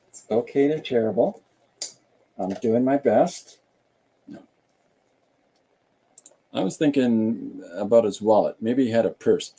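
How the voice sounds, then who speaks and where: Drawing as he talks, a male artist hosting a podcast muses aloud in a relaxed, joking, rambling way. His mid-range voice sounds warm and husky.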